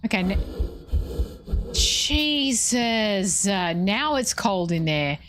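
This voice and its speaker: A woman's voice: medium pitch, very animated, very slow, a bit bright. Woman streaming a ghost game. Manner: reactive, thinks aloud, questions the ghost. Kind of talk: live gameplay commentary.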